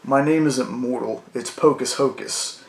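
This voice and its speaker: A man reading out the lines of a pompous young male would-be magician in a flat, matter-of-fact way. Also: medium pitch, a little slow, close to an everyday voice. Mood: deadpan. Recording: roomy echo.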